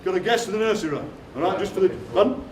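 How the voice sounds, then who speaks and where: Chatty Yorkshire man, high-voiced, echoey theatre. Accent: Yorkshire, Barnsley. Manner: quick, chatty, jokey asides to the audience. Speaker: performance poet. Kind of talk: comic storytelling on stage. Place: theatre stage before a live audience. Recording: roomy, distant theatre recording with noise.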